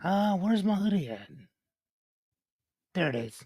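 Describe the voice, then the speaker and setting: This young man's high voice swings widely in pitch at a measured pace, a little mellow and slightly rough, in studio-quality sound with no room tone. Hosting a loose livestream, he jokes, reads chat names and comments, cusses casually and says "hold on" to break off.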